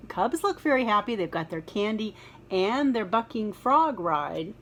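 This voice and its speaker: A woman reading a children's picture book aloud, with gentle, chatty asides to young listeners. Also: medium pitch, sing-song, a little slow, a little hiss or hum.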